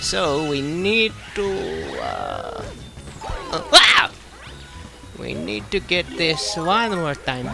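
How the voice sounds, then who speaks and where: A man's voice: fairly high pitch, wildly swooping pitch, extremely slow, creaky. A man casually commenting as he plays a video game, goofy and playful, with sing-song repetitions. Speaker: let's play commentator. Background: game music.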